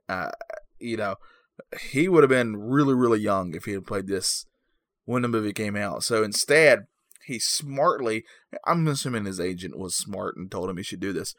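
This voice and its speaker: A man giving a mock-serious comedic movie review in a deadpan, rambling, mock-earnest way. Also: fairly low pitch, dry recording, studio quality.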